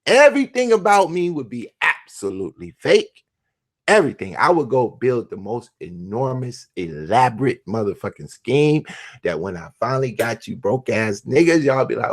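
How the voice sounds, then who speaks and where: A man's voice: fairly low pitch, expressive, normal speed. A man hosting his own show, delivering a crude, mocking, profane rant. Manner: crude, mocking, swings between shouts and mutters. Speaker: host. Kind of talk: profane ranting monologue.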